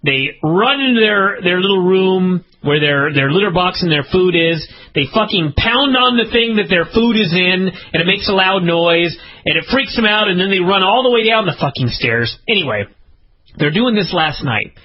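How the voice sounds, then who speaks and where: A man co-hosting a podcast, telling a casual, profane story and jumping into high-pitched outbursts. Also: expressive, moderate pace. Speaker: podcast co-host. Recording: dull lo-fi podcast audio.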